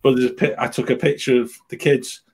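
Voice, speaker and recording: A man's voice: mid-range voice, flat delivery, fairly quick, breathy edge. A man co-hosting a casual group chat, rambling and correcting himself as he talks. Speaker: podcast co-host.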